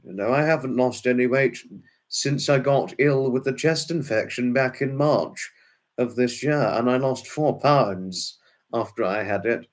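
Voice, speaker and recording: A live streamer with a medium-pitched, slightly slow voice chats casually with his viewers. He answers their comments in a rambling, fussy manner, restarting often and throwing in exclamations.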